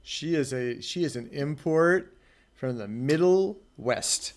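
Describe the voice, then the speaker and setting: A man's voice: a little high, slow. A man co-hosting a podcast who reads introductions and drops dry, understated quips. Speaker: podcast co-host. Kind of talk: casual podcast chat.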